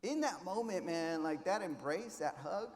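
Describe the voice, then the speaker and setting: A man's voice: high voice, expressive, normal speed. Passionate man giving a keynote in a hall. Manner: passionate, swings between hushed and loud, drops Spanish words. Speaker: keynote speaker. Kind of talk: inspirational keynote speech with storytelling. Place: large conference hall. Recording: echoey hall, faint ambience.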